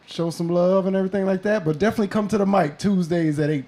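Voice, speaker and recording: A man's voice: high-pitched, fast talker, mellow. A man who is a stand-up comic, promoting his shows in a laid-back, slangy way. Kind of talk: casual podcast chat.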